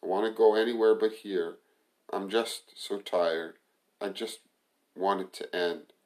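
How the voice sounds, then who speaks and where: A man reading aloud the lines of a troubled, guilt-ridden young woman in his own low voice, plainly and unhurried. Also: steady tone. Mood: weary.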